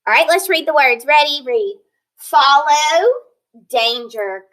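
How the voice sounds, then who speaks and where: Woman teacher doing a phonics lesson, high bright voice, slow and clear on each sound. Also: lively intonation, low-quality recording. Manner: slow, clear modeling of word sounds with praise and prompts. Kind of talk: recorded phonics lesson for young students.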